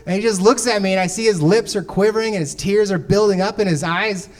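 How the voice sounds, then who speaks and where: A man's voice: high voice, lively intonation, moderate pace. A man doing stand-up comedy in a club, telling a story, often laughing as he talks and acting out other people's voices on a handheld mic.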